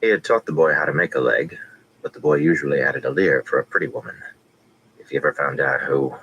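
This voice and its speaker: A man narrating a fantasy audiobook with steady, measured reading. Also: extremely low pitch, lo-fi sound, slight background noise.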